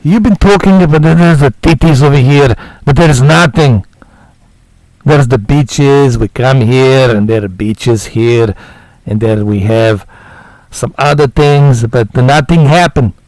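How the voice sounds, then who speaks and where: A man doing an impression of a brash, grumbling male Eastern European immigrant for his friends, in a loud, complaining put-on delivery. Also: medium pitch, a little slow, no echo, lightly acted, rough recording.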